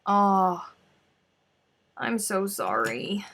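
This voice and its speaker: Woman, live-stream crafter, scattered chatty self-talk, unhurried pace, bright tone. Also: medium pitch, big pitch swings. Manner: chatty, scatterbrained, talks to herself. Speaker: crochet livestream host. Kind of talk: casual live-stream chat.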